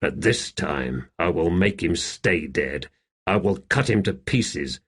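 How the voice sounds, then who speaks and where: A man's voice: deep voice, lively intonation, takes it slowly, fairly bright tone, breathy edge, full character voice. A man voicing a grim, defiant veteran swordsman captain in an audiobook. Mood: menacing. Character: hard-bitten veteran male swordsman captain.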